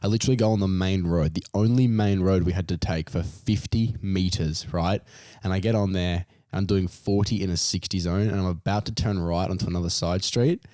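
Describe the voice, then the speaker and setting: Young Australian man, low voice, dry close sound, animated storytelling. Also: fairly quick, dry recording. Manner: animated, voice jumps high when retelling panic. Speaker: podcast co-host. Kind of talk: casual storytelling.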